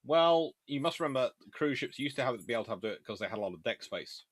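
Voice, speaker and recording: A man's voice: mid-range voice, expressive, fast talker, slightly rough. A man hosting a casual live question-and-answer session on naval history. He reads viewer questions aloud and answers them offhand while eating between remarks.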